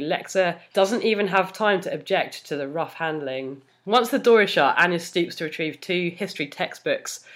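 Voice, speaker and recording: A woman's voice: fairly low pitch, a bit bright. A woman co-hosting a podcast, reading fan fiction aloud and chatting, laughing often mid-sentence. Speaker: podcast co-host.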